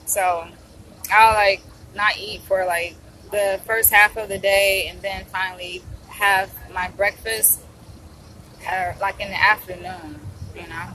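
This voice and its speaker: A woman talking casually and excitedly to her viewers in a vlog, gushing and calling them y'all, with food in her mouth. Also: medium pitch, slow, slight background noise, poor audio. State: eating while talking. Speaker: vlogger.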